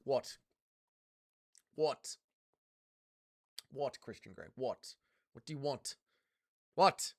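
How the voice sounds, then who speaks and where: A man's voice: mid-range voice, very slow, long pauses. A young Australian man hosting a casual fight watch-along stream, joking, swearing and answering chat. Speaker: livestream host.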